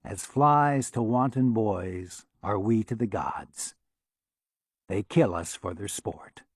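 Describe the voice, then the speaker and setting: Man reading a gentle young woman, soft, slow, dry close audiobook sound. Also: fairly low pitch, breathy edge, no room sound.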